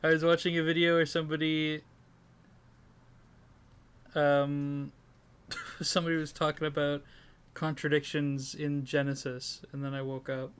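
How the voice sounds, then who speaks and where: A sleep-deprived man co-hosts a comedy podcast in a slightly high, smooth, clear voice. He rambles in self-deprecating asides and often breaks into laughter. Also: flat delivery, a little slow, pauses often, fairly bright tone. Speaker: podcast co-host. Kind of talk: casual comedic chat.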